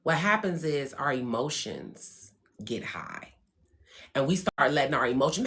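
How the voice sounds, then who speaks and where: A woman giving a candid motivational talk as host of her own show, blunt and profane, swinging between hushed calm and loud emphatic bursts. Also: rumbling low, normal speed. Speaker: spiritual wellness host.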